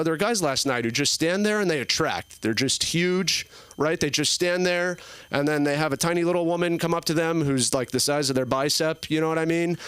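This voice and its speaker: A man's voice: on the high side, a bit bright, clean tone, dry recording. Rambling young man doing stand-up. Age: early 20s. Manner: rambling, filler-heavy storytelling. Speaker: stand-up comedian. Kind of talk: stand-up set. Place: comedy club stage.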